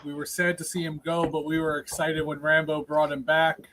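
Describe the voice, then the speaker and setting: A man hosting a stream show with a somewhat high voice. He chats casually, leaning on fillers and quick agreement. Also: level tone, heavy background noise. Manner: chatty, full of fillers and quick affirmations. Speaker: show host.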